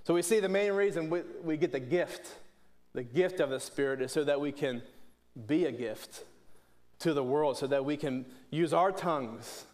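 Earnestly delivering a sermon, this middle-aged Pittsburgh pastor has a voice on the high side with a darkish tone and moderate pace. He keeps restarting phrases, repeating words, and asking the congregation rhetorical questions.

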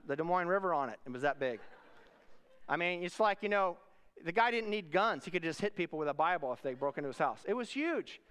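A man preaching a sermon, telling a story with animated delivery and shouted quoted voices. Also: on the high side, clear, resonant tone.

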